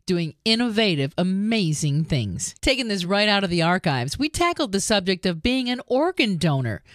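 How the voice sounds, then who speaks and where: A woman's voice: medium pitch, big pitch swings, normal speed, no echo, studio quality. A woman hosting a radio show, recapping segments with enthusiastic introductions.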